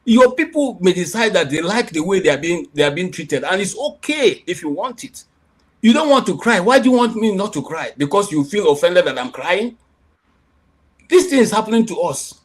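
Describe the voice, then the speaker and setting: A man's voice: high voice, slightly rough. Heated Nigerian man arguing on a call-in show. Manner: emphatic, repeats himself, rising to near shouting when challenged. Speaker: program host.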